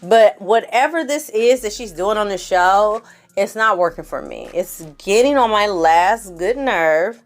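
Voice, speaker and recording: A woman recaps a reality TV episode in a casual, animated, sassy way, tossing in slangy asides and acting out quotes. Her voice sits in the mid range and she takes her time.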